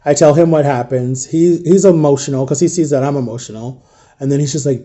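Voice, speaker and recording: A man recounting a painful story in an emotional storytime vlog, subdued and grieving, halting and repeating himself. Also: medium pitch, mellow. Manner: halting, repetitive retelling. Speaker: vlogger.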